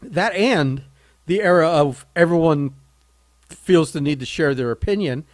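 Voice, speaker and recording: A man's voice: a little high, unhurried, no room sound. A man co-hosting a podcast, giving his opinion in a ranting, casual way. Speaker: podcast co-host. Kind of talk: casual chat.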